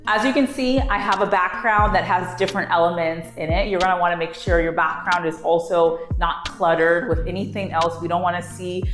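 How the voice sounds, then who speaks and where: A woman, an online English teacher, giving animated, upbeat tips on teaching kids. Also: lowish voice, a little fast, hardly any pauses. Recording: roomy echo with faint music.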